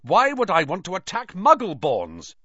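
A man's voice: high voice, huge pitch swings, moderate pace, sharp tone, breathy edge, dry recording, voice pushed up, full character voice. A man voicing a defiant boy wizard who speaks fiercely and tersely. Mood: angry. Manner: fierce, clipped. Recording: dry, slightly muffled audio.

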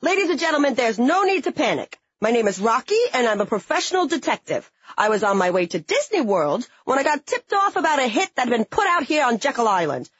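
A woman's voice: high-pitched, big pitch swings, brisk, hardly any pauses, fairly bright tone, breathy edge, no echo, dull audio, exaggerated voice. A woman voicing a hammy man who plays a detective at a murder-mystery party, with a put-on New York accent and a theatrical, self-important delivery. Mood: grandstanding.

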